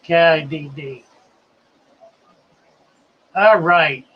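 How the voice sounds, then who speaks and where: Slow-talking man hosting a live chat. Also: a little high, slightly rough, muffled recording. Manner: unhurried and chatty, musing aloud. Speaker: live stream host. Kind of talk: casual live chat, reading viewer comments aloud.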